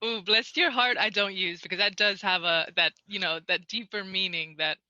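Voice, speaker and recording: A woman's voice: lowish voice, fairly even intonation, moderate pace, sharp tone, no echo, dull audio. A woman from North Carolina, a guest on a podcast, telling her story in a friendly, fluent way. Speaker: podcast guest, analytics consultant. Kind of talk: casual podcast interview.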